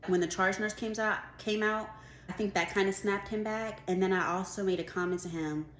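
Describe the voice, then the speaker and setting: A woman in her twenties telling a work story in a casual storytime vlog, animated and full of "like", acting out what others said. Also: medium pitch, fairly quick. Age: 20s. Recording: roomy room with faint background noise.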